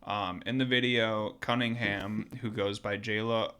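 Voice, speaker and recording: A man's voice: on the low side, steady tone, measured pace, pushed and bright, clear, resonant tone. A man co-hosting a casual talk show, reading a news article aloud with many ums and joking asides. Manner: reads with many ums, stops to joke. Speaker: podcast co-host.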